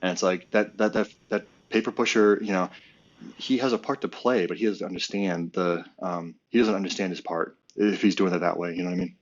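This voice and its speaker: Low, even-toned military guest, thoughtful and halting. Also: male voice, muffled recording. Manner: reflective, searching for words, many fillers. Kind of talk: casual conversation.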